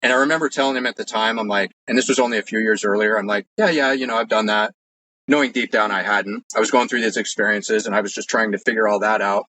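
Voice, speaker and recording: Bright-voiced man telling a story. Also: lowish voice, steady tone, quick pace, hardly any pauses, rough recording. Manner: rambling, with frequent "like" and restarts; earnest. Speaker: guest recounting personal experiences. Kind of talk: casual storytelling.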